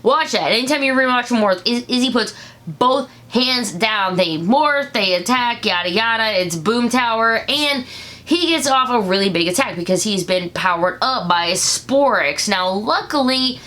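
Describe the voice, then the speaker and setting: Chatty bright-voiced woman reviewer. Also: fairly high pitch, lively intonation. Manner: chatty, jokey, acts out lines in quick voices. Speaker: show reviewer. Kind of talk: casual episode recap.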